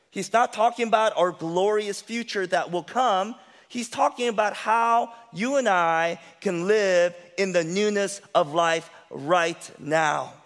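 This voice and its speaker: A man's voice: high-pitched, a bit bright, big-room sound. A male pastor preaching a sermon, building up with rhetorical questions and emphatic repetition. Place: church sanctuary.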